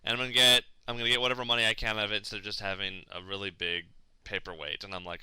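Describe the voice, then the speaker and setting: A man casually telling a long comic story, acting out his own and other people's lines with big jumps in pitch, swearing freely and mocking himself. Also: rapid-fire, smooth, dry recording. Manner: animated, acts out quotes with big pitch swings; profane, self-mocking.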